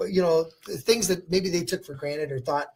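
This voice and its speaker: A man's voice: on the high side, normal speed, crowd noise. A man co-hosting a podcast, speaking earnestly in casual chat and playing out quoted exchanges. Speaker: podcast co-host.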